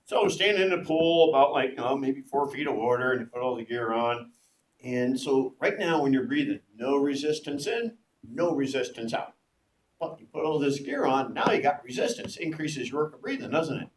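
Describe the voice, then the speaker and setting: A man teaching a class, telling a story in an animated way and acting out the voices of the people in it. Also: medium pitch, moderate pace. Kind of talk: classroom lecture with anecdotes. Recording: echoey room with faint background noise.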